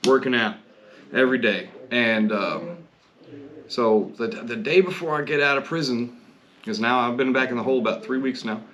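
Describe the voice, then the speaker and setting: A man's voice: mid-range voice, a bit bright. A man hosting a podcast, telling his own story bluntly and candidly, with heavy swearing. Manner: blunt, heavily profane, candid. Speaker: podcast host. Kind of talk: personal storytelling monologue.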